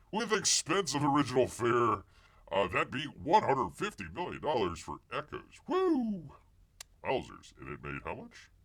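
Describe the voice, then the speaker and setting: Low-voiced guy hosting a live show, goes up and down a lot, riffs and mocks stuff as he reads. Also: a bit bright. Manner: rambling, jokey, wonders aloud and mocks the news. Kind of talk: casual live-stream news commentary.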